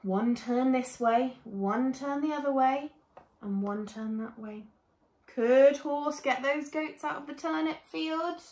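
A woman reads a children's picture book aloud at an unhurried pace, in a gentle and expressive way. Her voice sits a little on the high side, and she often stops to ask young listeners questions. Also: echoey room. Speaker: storyteller. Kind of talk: reading a children's story aloud.

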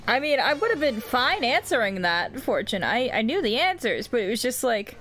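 A woman's voice: a little high, big pitch swings, moderate pace, a bit bright, faint music behind. Giggly, swearing woman gaming streamer. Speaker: gamer streamer. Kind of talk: let's play commentary.

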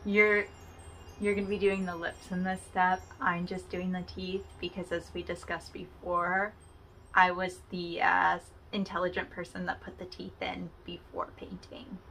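Slow, bright-voiced woman crafter. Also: fairly low pitch, little pitch movement, creaky, slight background noise. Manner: chatty and self-deprecating, talking to the viewer while working. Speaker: craft tutorial host. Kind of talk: casual step-by-step craft tutorial.

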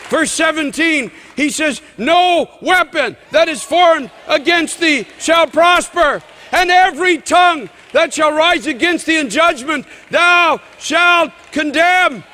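A man preaching a fervent sermon as pastor, shouting and quoting scripture. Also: very high voice, slow, hardly any pauses, in a large hall, a faint crowd.

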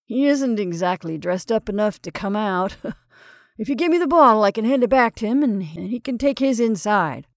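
A woman's voice: medium pitch, expressive, no echo, lightly acted. A sheepish young man caught out in a costume, anxious and apologetic, hurrying his words, as a woman narrator puts him on. The voice sits mid-range and the sound is dry and close. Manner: hurried and apologetic.

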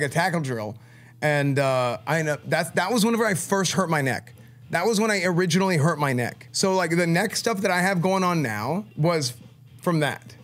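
A man, a streamer, telling a story in casual talk, animated and full of filler words. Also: on the high side. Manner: animated, lots of filler "like", acts out quoted speech.

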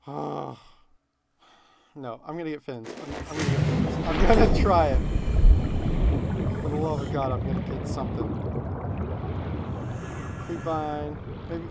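A young man commentating his game session and getting frustrated, muttering and shouting in exasperation. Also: on the high side, creaky, background noise. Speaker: gaming video host. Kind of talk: let's play commentary. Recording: loud game music behind.

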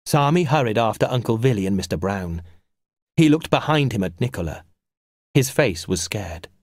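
Guy reading a storybook aloud for english learners, lively pitch, dry close mic. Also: dry recording. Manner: clear and measured for learners. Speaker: audiobook narrator. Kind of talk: scripted storybook narration.

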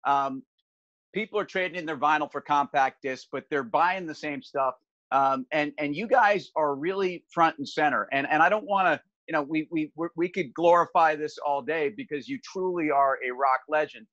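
A man's voice: a little high, normal speed, fairly bright tone, dry recording. A man hosting a podcast interview, asking long rambling questions full of restarts. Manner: rambling, many restarts and fillers. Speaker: podcast host. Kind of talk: casual interview chat. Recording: slightly dull, dry sound.

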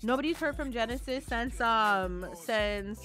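A woman's voice: a little high, a little slow, fairly bright tone, soft background music. A young woman giving casual, gossipy commentary over a life-sim game playthrough, swearing and laughing often. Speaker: let's play creator.

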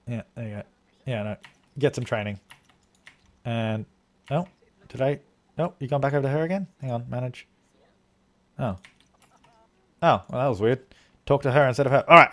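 A man from Australia streaming a game live, thinking aloud as he plays and thanking viewers for donations. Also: mid-range voice. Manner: rambling, thinking aloud while playing. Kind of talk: live gameplay commentary.

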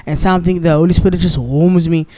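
A man's voice: fairly high pitch, fairly even intonation, fast, mellow, a little hiss or hum. A man with a South African accent, a podcast guest earnestly sharing a faith testimony and often saying "bro". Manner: earnest, preachy, calls listener "bro". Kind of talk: casual testimony. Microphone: studio mic.

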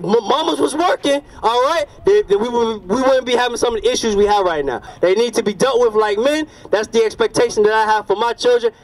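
A man preaching an emphatic outdoor street sermon, repeatedly checking that his listeners understand. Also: sits high. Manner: emphatic, repeats "you understand" and "all right". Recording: distant outdoor street recording.

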